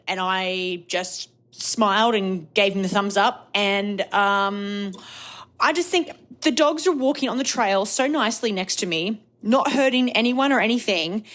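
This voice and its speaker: A woman listener tells her own story in a slightly defensive way. Her voice sits at an ordinary pitch. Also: a bit bright. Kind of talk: recounted personal story.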